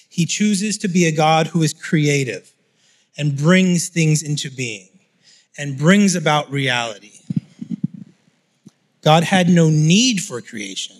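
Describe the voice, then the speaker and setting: A man preaching a sermon in a relaxed, explanatory teaching style, reading scripture aloud and unpacking it. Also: on the high side. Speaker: pastor.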